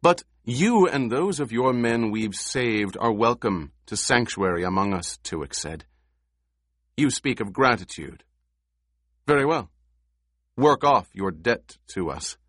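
A man voicing a shrewd male smuggler chief who speaks low, measured and quietly guarded in an audiobook. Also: lively intonation, no room sound, clean studio sound.

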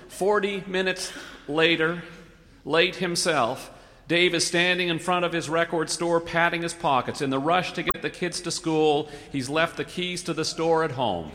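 A man reading a humorous story aloud with wry, measured narration and comic timing. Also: fairly high pitch, steady tone, sharp tone, slight background noise. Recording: reverberant hall.

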